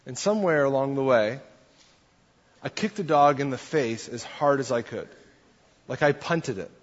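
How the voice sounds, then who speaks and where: A man's voice: medium pitch, normal speed. A man giving a conversational sermon as a pastor, putting questions to his congregation. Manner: conversational, asks the audience questions. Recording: dull long-reverb church hall.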